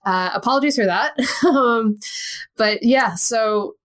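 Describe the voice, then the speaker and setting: A woman's voice: on the high side, takes it slowly, a bit bright. A woman from the United States co-hosting an archaeology podcast, explaining in a casual, chatty way with frequent laughs and fillers. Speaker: podcast co-host. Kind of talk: casual educational chat.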